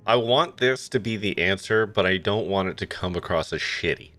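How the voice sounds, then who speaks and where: A man's voice: low-pitched, moderate pace, soft background music. A man streaming a game, ranting casually with lots of swearing and laughter. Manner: profane, laughing, animated rants. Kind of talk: casual let's-play commentary.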